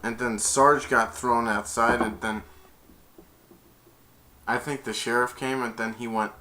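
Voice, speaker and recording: A man's voice: medium pitch, steady tone, a little slow, bright, forceful tone, a little hiss or hum. A young man casually retelling a movie scene as a reviewer, rambling and stringing events together with "and then". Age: young adult.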